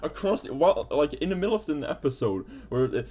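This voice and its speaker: A young man in casual conversation, bluntly and profanely exasperated, speaking in halting, broken phrases. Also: fairly high pitch, big pitch swings, a little mellow. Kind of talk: casual ranting chat.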